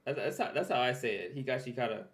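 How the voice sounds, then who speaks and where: A man's voice: mid-range voice, very animated, fast, fairly bright tone. A young man streaming a casual reaction to a recap video, chatty, laughing often and repeating himself as he talks.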